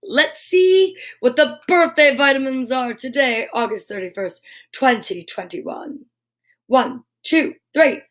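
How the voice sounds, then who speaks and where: Bubbly high-voiced woman streaming live. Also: slow pace. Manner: bubbly, animated, talks straight to viewers. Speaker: host of a live storytime show. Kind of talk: casual live-stream chat with viewers.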